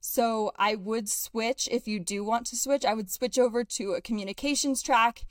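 A woman's voice: on the high side, steady tone, moderate pace. Breathless, chatty young woman podcast host. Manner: chatty, upbeat, laughs often. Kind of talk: casual chat.

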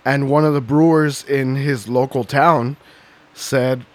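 A man's voice: mid-range voice, fairly even intonation, slow. A man co-hosting a podcast in casual chat, rambling and swearing, often laughing. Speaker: podcast co-host.

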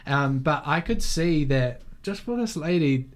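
A man's voice: on the high side, lively intonation, a little slow. A young man hosting a podcast, telling a personal story in a chatty, emotional way full of fillers. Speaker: podcast host. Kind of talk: casual podcast conversation.

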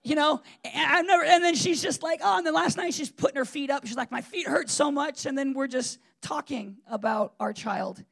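A man's voice: extremely high pitch, brisk, creaky, hardly any pauses, a bit bright. A man preaching a sermon in a conversational, emphatic way, with frequent fillers and restarts.

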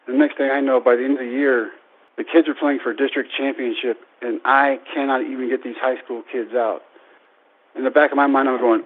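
A man in his thirties, a baseball coach, telling a lively personal story to an audience and acting out the voices in it. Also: mid-range voice, a little fast. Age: 30s. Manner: animated, acts out quoted voices. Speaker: baseball coach and public speaker. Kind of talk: storytelling speech. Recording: tinny phone-like radio broadcast.

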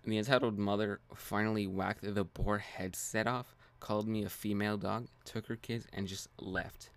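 Low gravelly young man reading stories. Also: moderate pace. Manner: relaxed, slangy, says "bro" and "dude". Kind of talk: casual chat and story reading.

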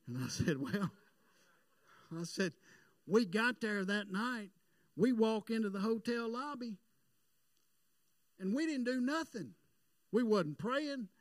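A man's voice: high-pitched, a little mellow, no room sound. A man, telling a folksy story in a sermon that builds into fervent preaching.

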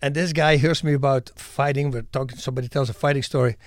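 A man telling lively stories and acting them out in a casual chat, laughing often. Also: medium pitch, fast, no room sound, clean studio sound. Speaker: guest, former fighter and actor. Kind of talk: casual storytelling.

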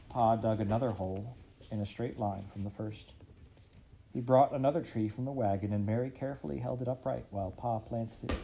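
A man reading a storybook aloud in an expressive, dramatic way. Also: mid-range voice, a little fast, vocal fry, a little hiss or hum, low-quality recording. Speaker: reader.

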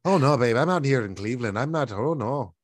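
A man's voice: medium pitch, animated, brisk, a crowd in the background, lightly acted. A man voicing a brash Irish man with an Irish accent who is calling his wife from a payphone and reassuring her in a jokey, sing-song way.

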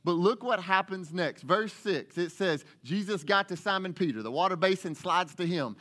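A man, preaching a sermon as lead pastor, animated and acting out the voices of the people he talks about. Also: sits high, normal speed. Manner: animated preacher, acts out voices, rises to excited shouts.

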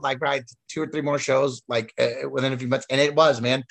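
Male storyteller, mid-pitched, chatty and rambling, loads of fillers. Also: steady tone, quick pace, gravelly, fairly bright tone. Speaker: wrestler telling stories. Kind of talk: casual storytelling chat.

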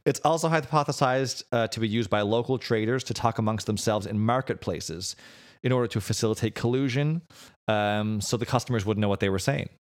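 Low-voiced guy co-hosting a chatty podcast, explains stuff in long rambly bits. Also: fairly quick. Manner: explains at length with many restarts. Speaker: podcast co-host. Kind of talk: casual chat.

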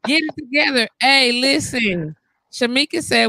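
Female live-stream host in bed: brash, joking, gravelly bright tone, dry close sound. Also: medium pitch, animated, moderate pace, a little hiss or hum. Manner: teasing, loud, joking, laughing. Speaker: livestream talk show host. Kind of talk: casual live-stream banter, reading viewer comments.

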